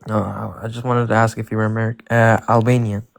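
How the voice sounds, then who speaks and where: A man from Iran calling into a live stream, defensive and quick to protest, saying bro a lot. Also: lowish voice, level tone, creaky, dry recording. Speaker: caller. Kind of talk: casual live-stream chat.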